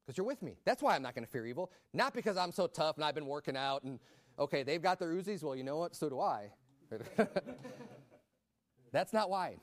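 A man preaching a sermon in a conversational way, rising to loud emphatic peaks. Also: on the high side, big pitch swings, moderate pace, no room sound.

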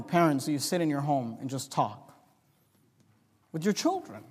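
Man, pastor preaching, high voice, long church-hall reverb, quiet then loud and urgent. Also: very animated, moderate pace, long pauses, breathy edge. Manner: swings from low confiding talk to loud rising exhortation. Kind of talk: sermon. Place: church sanctuary.

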